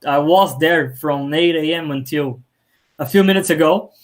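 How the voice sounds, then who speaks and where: A woman's voice: sits low, normal speed. A woman practicing conversation as a student, talking in a hesitant way with non-native phrasing.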